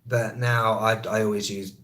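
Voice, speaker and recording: On a live stream, a male travel vlogger who also teaches English chats casually and answers viewer comments, talking fast and often correcting himself mid-sentence. His voice is lowish and a little bright, with little pitch movement.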